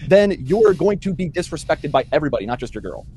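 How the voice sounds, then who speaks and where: A man's voice: fairly high pitch, sing-song, fast, dark tone, slight background noise. Blunt, swearing man giving advice. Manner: blunt, profane, mock-quotes other guys. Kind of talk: casual chat, dating advice.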